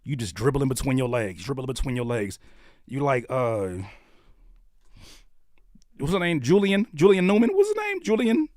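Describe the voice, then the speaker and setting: An American man giving live reactions to viewer music, joking and blunt, swinging between shouts and low mutters. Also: big pitch swings, normal speed, long pauses, no room sound, studio quality. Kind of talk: animated live reaction commentary.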